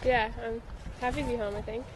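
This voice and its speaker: A young woman in her twenties chats fast and casually, her soft voice picked up from away from the mic. Clear outdoor noise surrounds her. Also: a little high, steady tone. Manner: quick, casual, soft-spoken. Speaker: visitor in the booth.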